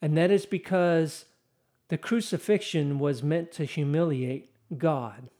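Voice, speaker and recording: A man delivering a sermon at a slow, deliberate pace, his voice sitting a little high. He reads scripture dramatically, building intensity as he goes. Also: dark tone. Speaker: preacher.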